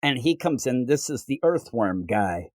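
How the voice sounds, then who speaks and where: Lively man recapping comics. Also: mid-range voice, measured pace, no room sound. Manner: animated recapping, jumping into character voices. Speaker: podcast co-host. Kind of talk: casual comic book review chat.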